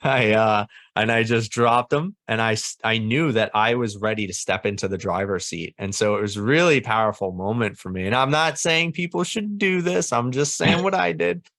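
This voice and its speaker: A man's voice: mid-range voice, moderate pace, vocal fry, few pauses, a bit bright, dry recording, studio quality. A young man as a podcast guest, telling a personal story earnestly and animatedly, laughing often.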